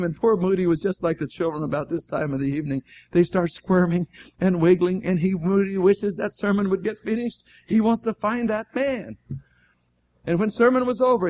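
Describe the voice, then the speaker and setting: A man delivers a sermon like a lively storyteller, voicing the dialogue with fervent exclamations. His voice sits high, and he speaks at a moderate pace.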